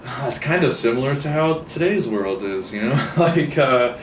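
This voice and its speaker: A man's voice: medium pitch, animated, a little slow. A man giving a casual book review, rambling with many fillers and restarts. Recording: roomy echo, distant mic, faint hiss.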